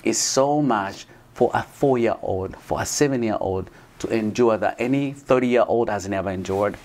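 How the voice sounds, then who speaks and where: A man talking as an interview guest, earnest and halting, with many restarts and "you know". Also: on the low side, a little mellow. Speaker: guest, foster parent. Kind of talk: conversational interview.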